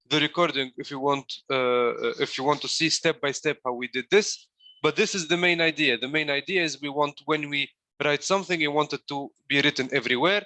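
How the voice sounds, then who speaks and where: Mężczyzna o jasnym, napiętym głosie, tłumaczy kod krok po kroku. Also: male voice, fairly high pitch, pushed and bright, no room sound. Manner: step-by-step explaining while demonstrating. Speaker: coding coach. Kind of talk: live coding walkthrough.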